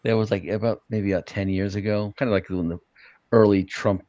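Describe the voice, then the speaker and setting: Male co-host, very deep voice, relaxed storytelling, dry mic. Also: a little fast, dry recording, muffled recording. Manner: laid-back storyteller, chuckles often. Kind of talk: casual chat.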